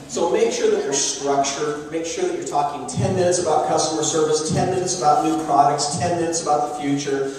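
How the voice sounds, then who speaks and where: A man giving a lively, joking business talk at a luncheon, speaking direct advice to the audience. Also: fairly high pitch, slight background noise. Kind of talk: live seminar talk. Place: luncheon hall. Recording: echoey hall from far off.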